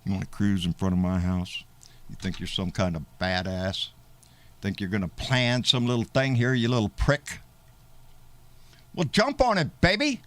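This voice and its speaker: A man's voice: sits low, fairly even intonation, moderate pace, fairly bright tone. A middle-aged man, hosting a live show and angrily ranting, profane and taunting, hurling insults. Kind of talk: angry live-stream rant.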